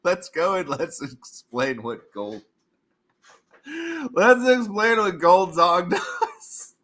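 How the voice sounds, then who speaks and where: Animated, bright-voiced man rambling on stream. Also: high-pitched, slow pace. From United States. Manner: rambling, joking, laughs often. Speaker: livestream host. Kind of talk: casual livestream chat.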